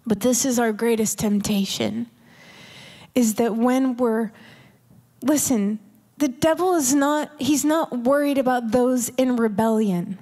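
With a dark tone on the high side, a woman takes her sermon slowly and intimately, frequently whispering for emphasis. She's in a large church hall, and the live reverb of the space is audible.

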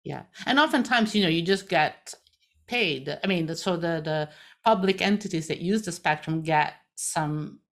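A woman moderating a live webinar discussion, talking in a halting way with many fillers. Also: lowish voice, expressive. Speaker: panel moderator.

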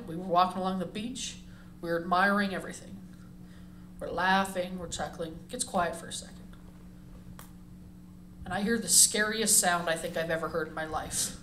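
A woman's voice: lowish voice, fairly bright tone. A woman from Calgary doing brash stand-up comedy on a club stage, swearing freely and laughing at her own jokes. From Calgary, Canada. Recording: roomy club sound, distant mic, noisy.

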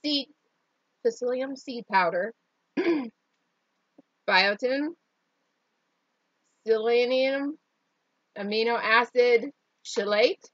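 Country gal reading a label real slow, bit high voice, trips on big words and giggles, kinda muffled dry sound. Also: female voice, fairly bright tone, no room sound. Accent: Southern US country. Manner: stumbles over hard words and laughs at herself. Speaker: co-host reading an ingredient label. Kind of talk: casual chat.

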